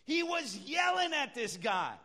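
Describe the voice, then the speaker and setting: Male pastor, sermon delivery, high bright voice, emphatic with loud outbursts. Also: very animated, unhurried. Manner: emphatic preaching, swings from quiet to shouting.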